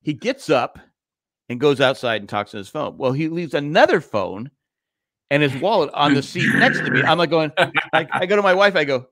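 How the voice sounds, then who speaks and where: Man, sixties, podcast co-host, storytelling, lively pitch, dry sound. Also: normal speed, no echo. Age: 60s. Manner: animated, acts out voices in his stories. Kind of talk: casual storytelling chat.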